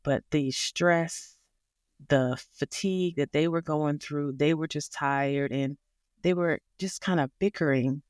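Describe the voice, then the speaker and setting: A woman as a podcast guest, telling a personal story in a casual, animated way and laughing along the way. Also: low-pitched, slow pace, clean tone, dry recording, studio quality.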